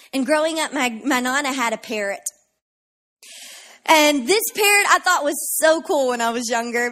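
A woman pastor preaching a sermon with passion, building up to shouted declarations of faith. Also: high voice.

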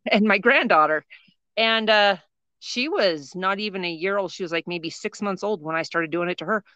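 A middle-aged woman co-hosting a podcast, telling a story in a lively, casual way and laughing often. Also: medium pitch, moderate pace, dry recording, highs cut off. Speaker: podcast co-host.

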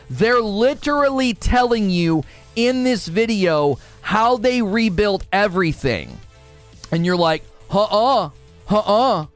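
Sarcastic ranting male streamer. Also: fairly high pitch. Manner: exasperated, sarcastic, mocking; mock voices of chatters. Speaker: livestream host.

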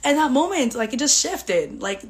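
A woman's voice: sits high, very animated, moderate pace. A woman hosting a podcast, telling a personal story in a candid, emotional, chatty way with lots of "like" fillers. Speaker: podcast host.

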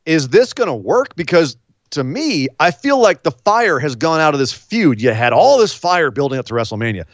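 A man hosting a casual podcast chat, animated and sarcastic. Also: on the high side, normal speed, dry recording. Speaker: podcast host. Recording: slightly dull lo-fi sound.

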